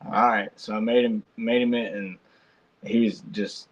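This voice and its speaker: A man's voice: lowish voice, steady tone, normal speed, lo-fi sound. A man hosting a podcast, telling family stories in a loose, colloquial way with frequent restarts. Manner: rambling storyteller, colloquial, many restarts. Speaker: podcast host. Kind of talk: casual chat.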